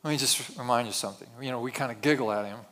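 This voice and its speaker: A man's voice: mid-range voice, very fast, a bit bright. A male pastor giving a sermon in a conversational way, with self-deprecating asides.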